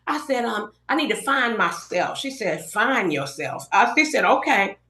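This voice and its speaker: A woman's voice: medium pitch, normal speed. A middle-aged woman from Los Angeles, a podcast guest telling a story and acting out the lines of everyone in it. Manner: animated storyteller acting out quoted dialogue. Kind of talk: casual storytelling interview. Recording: roomy echoey podcast room.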